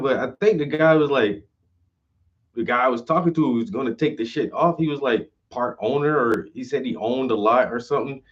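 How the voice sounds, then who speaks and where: A man's voice: mid-range voice, brisk. A man who hosts his own channel as a painter, telling a story in casual, slangy, profane vlog style. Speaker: painter and host. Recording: slightly muffled lo-fi audio.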